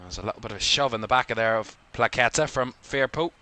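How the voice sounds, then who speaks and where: A man's voice: mid-range voice, fast talker, sharp tone. A man with a Northern Irish accent from Belfast, hosting live watchalong commentary in a rambling way, full of fillers. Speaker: host.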